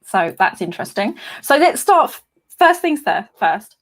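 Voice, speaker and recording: A woman's voice: mid-range voice, sing-song, moderate pace, a bit bright. A woman hosting a casual interview from her office, friendly and hesitant with frequent ums. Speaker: host.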